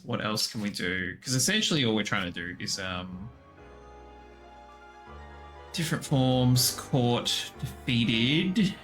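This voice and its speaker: A man streams a video game with relaxed, playful commentary. Whenever he meets creatures, he coos at them in a high, squeaky voice.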